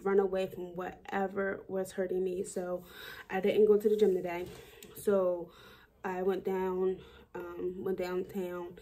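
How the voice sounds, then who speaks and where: A woman's voice: lowish voice, completely flat delivery, unhurried, warm tone. A woman talking through a personal daily video diary in a reflective, rambling way, with many fillers and restarts. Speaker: vlogger.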